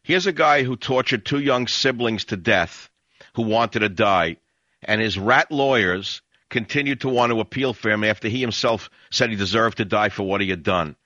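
A male radio talk host delivers a fiery, emphatic monologue in a bright, forceful voice with a slightly low pitch. The sound is dry and close, but dulled like an old lo-fi broadcast. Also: moderate pace, no room sound.

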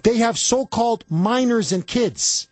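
A man's voice: extremely high pitch, a little slow, no echo. A man hosting a political talk radio show, speaking emphatically and indignantly, repeating himself for effect. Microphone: studio microphone.

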